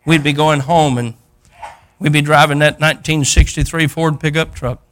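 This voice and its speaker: An older male preacher delivering a sermon in a bright, forceful voice that sits a little high for a man. He tells the story in a homespun, folksy manner, acting out each character and climbing to loud, fervent peaks. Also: fairly even intonation, normal speed.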